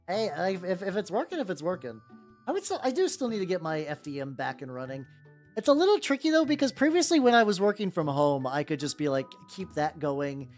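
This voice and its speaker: This woman in her thirties is very animated and talks a little fast in a lowish, slightly mellow voice. She rambles casually through ideas while painting miniatures, filling her speech with "like," over faint background music.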